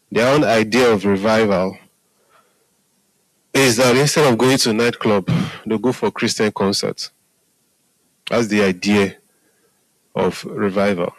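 A man with a fairly low pitch gives a sermon in a conversational style, repeating "Hallelujah" and checking in with "are we together?" to confirm the audience is following. The audio is dry and low quality.

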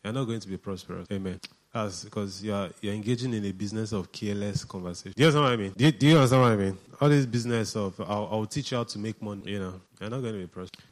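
A man's voice: on the low side, very fast. A man preaching a sermon in a conversational way, often asking the congregation questions.

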